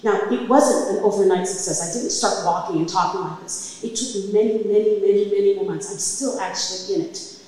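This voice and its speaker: A woman's voice: mid-range voice, fairly even intonation, fairly quick. A middle-aged woman tells her own story live on a club stage, pressing her words with emphatic, impassioned force. Her voice sounds distant, carried by a long, echoing room reverb over a faint hum of noise. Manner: emphatic and impassioned, building to loud peaks.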